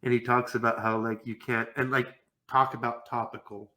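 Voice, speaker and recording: A young man co-hosting a casual podcast panel, ranting in an animated way, swearing and mock-quoting the people he argues against. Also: mid-range voice, normal speed. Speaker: podcast co-host.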